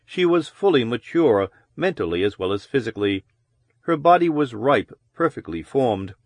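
Man, audiobook narrator, measured descriptive storytelling, mid pitch, dry close recording. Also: dry recording.

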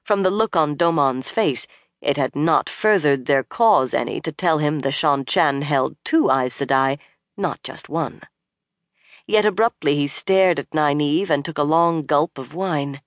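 An audiobook narrator reading a fantasy novel in a measured storytelling manner. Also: medium pitch, dry recording, studio quality. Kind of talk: scripted narration.

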